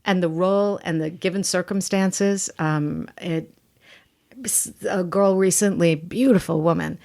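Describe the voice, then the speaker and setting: A woman's voice: on the low side, a little slow, vocal fry. Blunt, emphatic woman acting coach. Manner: emphatic, blunt, animated storyteller. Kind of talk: podcast interview.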